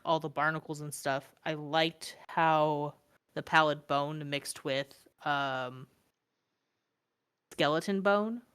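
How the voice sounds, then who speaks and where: A woman's voice: deep voice, fairly bright tone, smooth. A young woman co-hosting a stream, chatting casually with lots of fillers. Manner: rambling, filler-heavy, laughs often. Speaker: stream co-host. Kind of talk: casual chat about miniature painting.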